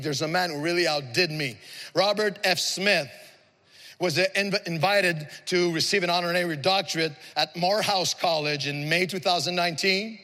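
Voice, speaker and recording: A man preaching a sermon with passion, his voice rising from hushed storytelling to sung, shouted praise. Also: sits high, big-room sound. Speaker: pastor.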